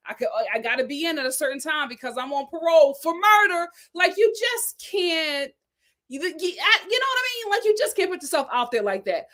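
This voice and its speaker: Sassy, animated woman recapping reality TV. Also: very high-pitched, fairly quick. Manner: sassy, animated, laughing, acts out quotes. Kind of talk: casual commentary recap.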